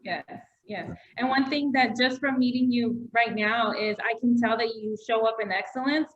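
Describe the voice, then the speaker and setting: A woman's voice: fairly high pitch, steady tone, normal speed, dull audio. A woman real estate agent interviewing a guest in a casual, encouraging way, laughing along.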